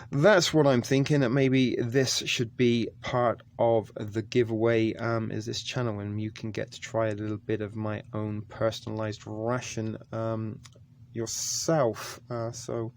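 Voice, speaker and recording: This laid-back food review vlog features a man whose mid-range voice has a darkish tone, with a little hiss or hum in the background. He chats hesitantly about a ration pack on camera, dropping plenty of ums.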